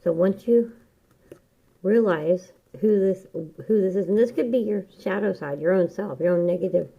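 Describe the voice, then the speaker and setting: A woman giving a casual, rambling tarot reading, chatty and quick to laugh. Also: lowish voice, vocal fry, slightly rough, muffled recording. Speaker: tarot reader.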